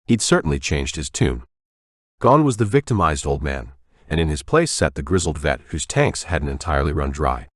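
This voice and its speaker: A man narrating an audiobook in a measured, even storytelling manner on a close studio mic. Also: extremely low pitch, no room sound. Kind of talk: scripted narration.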